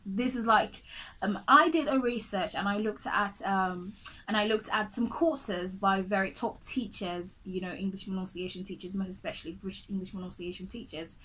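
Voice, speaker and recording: A woman's voice: medium pitch, a bit bright, rough recording. A woman teaching English pronunciation straight to the viewer in an earnest, chatty way, often repeating herself and adding "really" and "guys". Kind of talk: direct-to-camera lesson.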